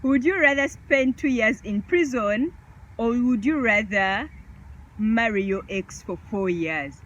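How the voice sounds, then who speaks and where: A woman's voice: on the high side, animated, slow pace, dull audio. A woman vlogger chatting casually through a question game, laughing often.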